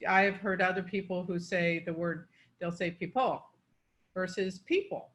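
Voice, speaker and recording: A woman's voice: lowish voice, little pitch movement, moderate pace, a bit bright. A woman coaching pronunciation, explaining word stress and demonstrating it on example words.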